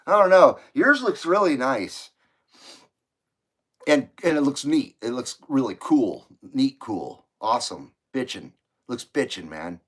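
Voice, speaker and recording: Animated, joking live-stream host, a man. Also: medium pitch, measured pace, breathy edge. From Ventura County, California. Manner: joking, profane, rambling and self-mocking. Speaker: livestream host. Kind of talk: casual live-stream chat, reading viewer comments.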